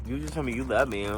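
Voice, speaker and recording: A young man in a casual storytime vlog, animated and slangy, swearing freely and jumping into high exclamations. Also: background noise. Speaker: vlogger.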